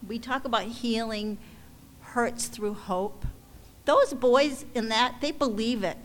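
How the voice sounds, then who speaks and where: Woman, ministry leader, emotional testimony to supporters, slow and halting, recorded in a big echoing hall. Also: a little high. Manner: halting and emotional, with many restarts. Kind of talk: heartfelt church testimony. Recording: long hall reverb, faint background noise.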